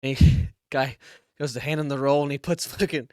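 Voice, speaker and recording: A man on a podcast telling a crude, animated story between laughs in casual chat. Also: mid-range voice, normal speed, clear, resonant tone, no echo, clean studio sound. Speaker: podcast co-host.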